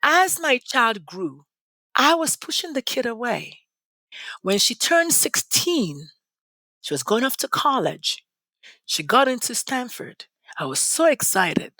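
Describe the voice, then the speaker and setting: A passionate woman from Nigeria tells her story in an interview, her voice bright and leaping widely up and down in pitch. She leans on dramatic pauses. The sound is close and dry. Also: sing-song, no room sound. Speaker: podcast guest.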